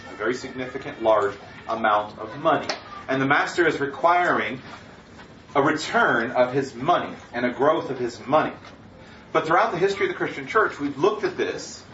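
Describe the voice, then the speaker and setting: A man preaching a sermon from a distance in a roomy, echoing hall, his voice dulled and muffled. He reads scripture earnestly and leans into key words, over steady background noise. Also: mid-range voice. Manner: earnest, reads scripture aloud with rising emphasis. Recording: far-off, echoey, dull, noisy room recording.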